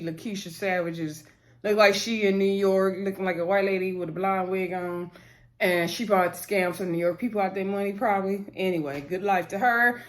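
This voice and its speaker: A woman giving a casual, chatty episode recap to her viewers, acting out the characters' lines as she goes. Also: medium pitch. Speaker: TV episode reviewer.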